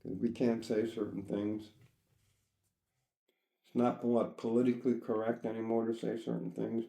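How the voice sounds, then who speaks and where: A man's voice: mid-range voice, level tone, moderate pace, creaky, mellow. A middle-aged man hosting a casual podcast, blunt and profane, laughing often. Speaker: podcast host. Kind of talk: casual crude chat. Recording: echoey room.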